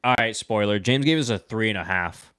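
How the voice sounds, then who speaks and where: Low-voiced man rambling through a recap. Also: fairly quick, fairly bright tone, clean tone. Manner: rambling, profane plot recap with frequent fillers. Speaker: podcast host. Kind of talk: casual movie discussion.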